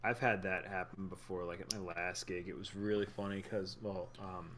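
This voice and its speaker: A man's voice: sits low, fairly even intonation, moderate pace, fairly bright tone, slight background noise. A man co-hosting a casual podcast, telling rambling, filler-heavy work anecdotes. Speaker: podcast co-host. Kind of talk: casual profane chat.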